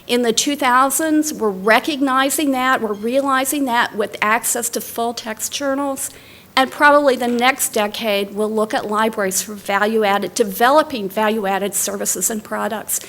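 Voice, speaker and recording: A woman's voice: on the high side, unhurried, a bit bright. A middle-aged woman giving a lecture as a library director, telling stories in a conversational way with fillers and restarts. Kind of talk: academic lecture with personal stories. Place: lecture hall.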